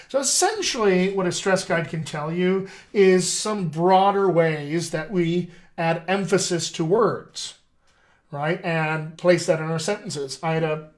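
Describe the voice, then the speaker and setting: A middle-aged man, a dialect coach, hosting a casual live-stream chat in an upbeat, salesy way and calling his viewers his friends. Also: on the high side.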